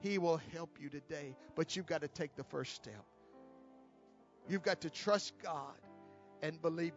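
High-voiced guy preaching an altar call, keeps pleading over and over, gets loud then goes soft, kinda dull sound. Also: measured pace, pauses often, soft background music. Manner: repeats pleading invitations, swells louder then drops soft. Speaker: guest preacher.

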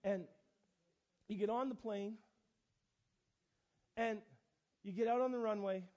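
A middle-aged man preaching a storytelling sermon, animated and self-mocking, with many restarts and fillers. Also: sits high, slow pace. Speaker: pastor. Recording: dull lo-fi recording.

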